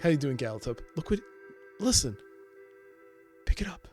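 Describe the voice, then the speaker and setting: A man's voice: a little high, sing-song, normal speed, darkish tone, faint music behind. A man casually commenting and joking while streaming an adventure game. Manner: playful, joking. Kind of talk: live let's play commentary.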